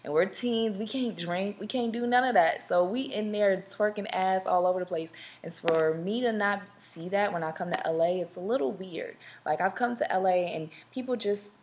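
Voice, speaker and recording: A woman's voice: mid-range voice, moderate pace, few pauses, a little mellow, a little hiss or hum. A young woman from Southern California hosting a podcast live, chatting casually to viewers and rambling with fillers and restarts. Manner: chatty, talks straight to viewers. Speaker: podcast host. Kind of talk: casual live-stream chat.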